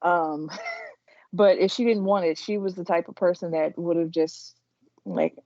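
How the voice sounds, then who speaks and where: A woman's voice: fairly low pitch, a little slow, a little mellow, no echo. A woman co-hosting a casual TV recap podcast, talking hesitantly with lots of fillers. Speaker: podcast co-host. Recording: dull, dry lo-fi sound.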